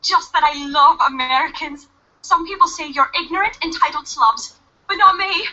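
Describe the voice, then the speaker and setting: A woman's voice: high voice, moderate pace, sharp tone. An actress voicing a chatty, overfamiliar young woman in a video game who is pushy and bubbly. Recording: dull lo-fi game audio.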